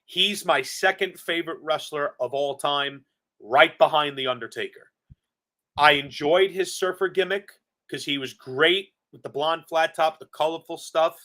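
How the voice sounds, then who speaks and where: Bright-voiced New man, earnest storyteller. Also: a little high, normal speed. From Staten Island, New York. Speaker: podcast co-host. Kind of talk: casual chat.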